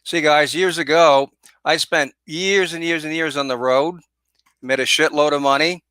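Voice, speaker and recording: Man, guest, joking, bright tense voice, dry close sound. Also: a little high, fairly even intonation, normal speed, smooth, no echo. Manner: joking, talkative. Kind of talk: casual chat.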